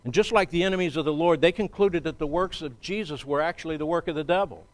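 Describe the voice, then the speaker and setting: A man preaching a sermon as pastor in a church, in a measured, conversational way with frequent pauses. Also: a little high.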